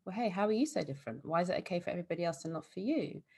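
A woman's voice: fairly low pitch, expressive, rapid-fire, vocal fry, husky. A woman therapist for eating disorders, talking in a casual, explanatory way in an interview. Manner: warm, explanatory, fillers like "like" and "you know".

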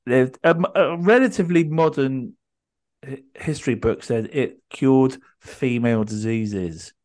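A man's voice: mid-range voice, measured pace, darkish tone. A man hosting a podcast, telling a story in a rambling way with many ums and restarts. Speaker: podcast host. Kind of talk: casual podcast chat.

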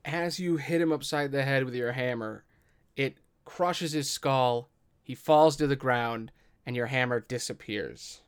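A man running a tabletop game as game master, describing the scene in a relaxed way. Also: medium pitch, measured pace, smooth.

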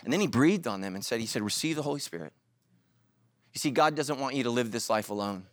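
In a fast, mid-range voice and a dry recording, a middle-aged pastor preaches through jokes and vivid stories. He dramatizes the quotations in them.

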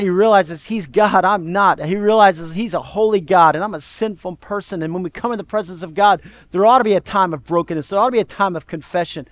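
A man preaching a sermon as pastor, animated and conversational, talking straight to the congregation. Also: high-pitched, no room sound.

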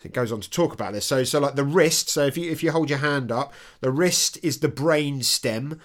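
A podcast host in casual conversation, jokey and chatty, who often laughs mid-sentence and sometimes reads aloud from a book slowly. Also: medium pitch. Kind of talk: casual chat interview.

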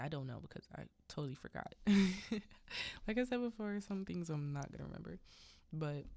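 A woman's voice: medium pitch, no echo. A woman hosting a podcast, casually recapping a movie in a rambling way with frequent laughs and fillers; English is not her first language. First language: a language other than English. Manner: rambling, laughs between lines, fillers like yada yada. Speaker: podcast host.

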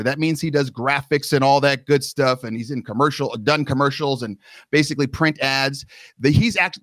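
A man's voice: fairly high pitch, a bit bright, no echo. Dry-sounding laid-back storytelling man. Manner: rambling, self-deprecating, acts out quotes. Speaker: podcast host. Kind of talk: casual storytelling.

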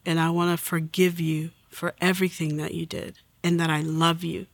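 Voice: mid-range voice, little pitch movement, normal speed, gravelly, no echo. An adult in their forties telling a personal faith story in an earnest way, acting out the lines they quote. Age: 40s. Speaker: testimony guest.

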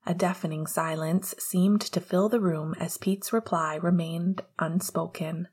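A woman narrating an audiobook chapter in a steady, measured storytelling voice. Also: on the low side, breathy edge. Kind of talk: audiobook reading of fan fiction.

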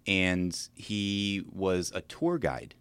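Deep-voiced middle-aged guy cohosting a podcast, lots of ums, dry close mic. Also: lively intonation, very slow, a bit bright, smooth, no echo. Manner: chatty, hesitant with restarts and ums. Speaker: podcast co-host. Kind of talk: casual chat.

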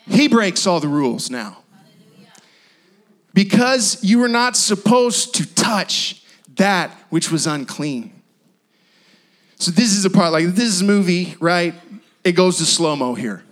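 Male pastor preaching, high voice, slow and dramatic, repeats lines for effect. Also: animated. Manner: emphatic, repetitive preaching with dramatic pauses. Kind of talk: sermon.

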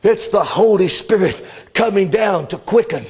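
A middle-aged man, preaching a sermon with fervor, often rising into shouted exclamations. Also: high voice, lively intonation, normal speed, slightly rough.

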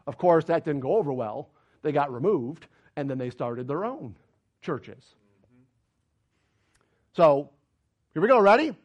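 A man's voice: a little high, expressive, measured pace, pauses often, highs cut off. Preacher guy, fired up and argumentative, voice swoops all over the place. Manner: emphatic, argumentative, rhetorical questions. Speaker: pastor. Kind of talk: sermon.

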